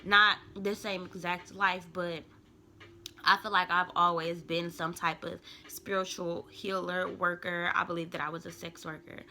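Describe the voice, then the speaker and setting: Young woman, tarot vlogger: low, crackly voice with a bright edge, slangy and rambling, talks straight to camera. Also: little pitch movement, measured pace. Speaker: tarot reader and spiritual vlogger. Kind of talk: casual rambling smoke-session chat.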